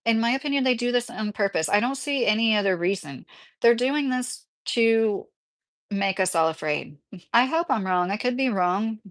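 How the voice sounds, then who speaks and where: A woman's voice: on the high side, animated, normal speed, fairly bright tone. A woman livestreamer reading out chat comments and answering them in a heated, casual way.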